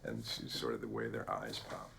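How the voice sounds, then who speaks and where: A man with an extremely deep, gravelly voice speaks fondly in a documentary interview. His pitch swings over a very wide range. Faint background ambience sits behind him. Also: monotone, normal speed, fairly bright tone, slight background noise. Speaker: voice actor.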